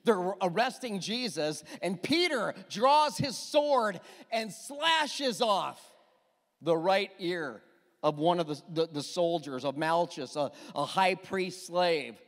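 A man preaching a sermon as pastor, emphatic and animated, with quick asides to the congregation. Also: high-pitched, long reverb tail.

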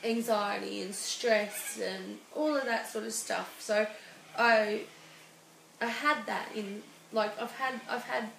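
Gravelly-voiced woman, halting. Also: medium pitch, fairly even intonation, fairly bright tone. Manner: halting and emotional, many restarts. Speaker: guest. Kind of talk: personal interview. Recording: roomy studio with faint hiss.

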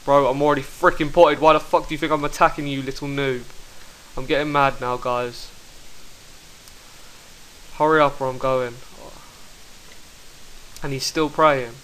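Excitable young gamer. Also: male voice, mid-range voice, normal speed, long pauses, poor audio. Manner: excitable, swears, bursts into shouts. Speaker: gaming commentator. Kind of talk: live gameplay commentary.

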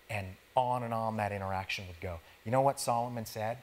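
A man's voice: lowish voice, fast, hardly any pauses, slight background noise. A male pastor preaching in an easygoing, conversational way, talking directly to his congregation with slangy everyday words. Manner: casual, conversational preaching that talks straight to the congregation. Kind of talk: sermon.

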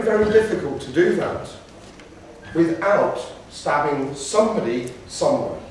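A lively man lecturing students on debating, his voice fairly high and acting out little quotes along the way. He sits well back from the microphone in a very echoey hall. Faint room noise hangs behind him. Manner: animated storyteller, acts out quotes. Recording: roomy hall from a distance.

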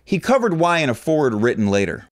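Brief: male video-essay narrator, scripted delivery, pitch that rises and falls a lot. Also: fast. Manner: animated, reads book quotes with dialogue voices.

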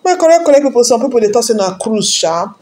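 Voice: medium pitch, expressive, fast talker, darkish tone. Emphatic Nigerian gossip commentator. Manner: emphatic, repeats words, fires rhetorical questions. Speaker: celebrity news commentator. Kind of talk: casual pidgin commentary to camera.

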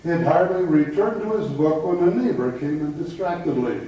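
A man's voice: fairly high pitch, expressive, fairly quick, hardly any pauses, dark tone. A man giving a lecture, telling jokes and anecdotes in an easy storytelling way. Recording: echoey room from far off.

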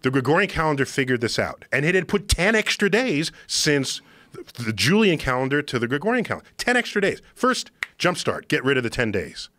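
A man explaining something to a podcast host in an emphatic, excitable lecturing manner. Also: a little high, fairly quick, no echo. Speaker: podcast guest. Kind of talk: animated explanation in conversation. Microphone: studio podcast microphone.

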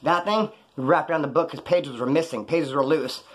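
A former prisoner telling stories about prison life in a blunt, rambling, profane way. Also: male voice, fairly high pitch, moderate pace. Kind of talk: casual storytelling monologue.

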